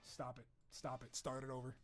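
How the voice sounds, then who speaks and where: A man's voice: mid-range voice, completely flat delivery, moderate pace. A young man chatting casually on a stream in a loose, profane, jokey way, breaking into laughter. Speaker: streamer reacting to a character wishlist. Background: video game music playing.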